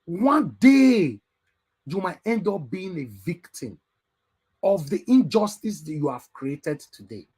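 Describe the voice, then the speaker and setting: A man with a Nigerian Pidgin English accent hosting an online call-in show, lecturing in a preachy way that rises to loud emphatic bursts. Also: on the high side, sing-song, unhurried, husky. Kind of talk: impassioned live talk show.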